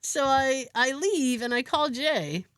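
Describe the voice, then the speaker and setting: A woman's voice: high voice, lively intonation, slow, no echo. A woman co-hosting a podcast, telling a story in casual chat and acting out other people's lines as she goes. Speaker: podcast co-host.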